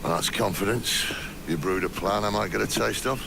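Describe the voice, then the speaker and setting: An actor playing a gruff, foul-mouthed pirate captain with a gravelly, blunt and contemptuous manner. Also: male voice, lowish voice, fairly quick. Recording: noisy game audio.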